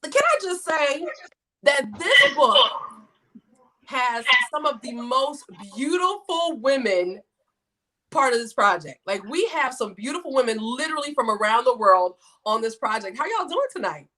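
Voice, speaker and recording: A woman's voice: sits high, sing-song, a little slow, pushed and bright. A woman hosting a livestream in a casual, chatty way, reading viewer comments and hyping her guests. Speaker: host.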